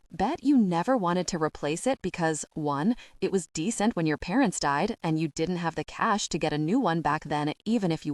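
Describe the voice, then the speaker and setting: A woman reading the part of a protective young man in a romance audiobook, gentle but cautious and stern. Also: fairly low pitch, dry recording, clean studio sound, close to an everyday voice. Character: devoted young man, steady, protective lover.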